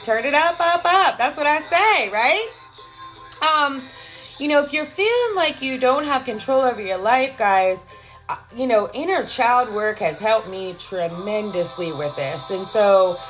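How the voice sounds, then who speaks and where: A woman's voice: fairly high pitch, measured pace, faint music behind. Profane, fired-up woman streaming live. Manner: excited, profane, motivational, greets viewers by name. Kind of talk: casual live stream chat. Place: home, with a cat nearby.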